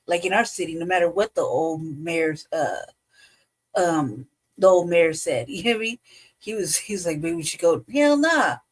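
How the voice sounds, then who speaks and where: A middle-aged woman giving blunt, profane political commentary on a talk show, often breaking into laughter and animated asides. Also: lowish voice. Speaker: podcast co-host.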